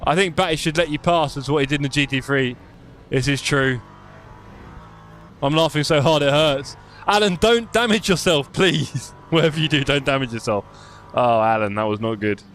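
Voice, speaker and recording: A man's voice: medium pitch, normal speed, long pauses, a bit bright, faint music behind. A young man live-streaming sim racing, chatty and self-mocking, calling the race as he drives.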